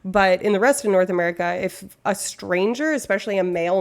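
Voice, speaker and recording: A woman's voice: mid-range voice, fairly quick, hardly any pauses. A young woman from Canada chatting casually on a live stream, rambling and interrupting herself.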